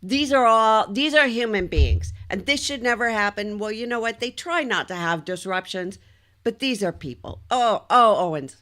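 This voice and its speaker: A woman's voice: fairly high pitch, expressive, normal speed, fairly bright tone. A woman giving livestream commentary on a court trial, ranting indignantly and sometimes restarting her sentences.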